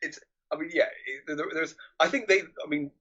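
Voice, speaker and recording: A man's voice: on the high side, moderate pace, sharp tone, muffled recording. A man co-hosting a casual film podcast, talking hesitantly and often repeating words. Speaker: podcast co-host.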